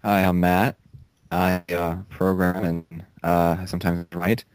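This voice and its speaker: Low-voiced laconic man with dry remarks. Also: level tone, slow pace, darkish tone, no echo. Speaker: podcast co-host. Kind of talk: casual chat.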